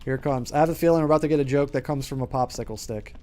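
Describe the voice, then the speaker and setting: A man's voice: mid-range voice, rapid-fire, a little mellow, soft background music. A man streaming a game, chatting casually and rambling with lots of filler words. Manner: rambling, filler-heavy chatter with frequent laughs. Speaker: gaming streamer. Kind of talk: casual gaming commentary.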